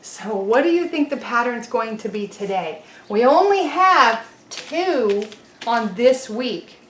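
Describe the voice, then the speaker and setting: Cheerful woman preschool teacher, clear and slow, slightly high voice, echoey room. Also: animated, fairly bright tone, a little hiss or hum. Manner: cheerful, slow and clear, sings simple songs. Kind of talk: video lesson for young children.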